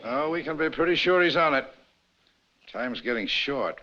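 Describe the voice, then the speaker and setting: A man's voice: medium pitch, animated, normal speed, pushed and bright. An actor playing a chairman firmly keeping a church meeting in order, on an old lo-fi film soundtrack. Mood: grave. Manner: firm, orderly. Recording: lo-fi 1950s film soundtrack, faint crowd.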